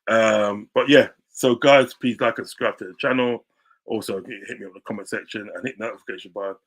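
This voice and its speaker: A man ranting on a live stream about his football club. He is heated and combative, keeps repeating his lines, and now and then bursts into loud shouting. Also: on the low side, fairly even intonation, fast, husky. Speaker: football fan vlogger.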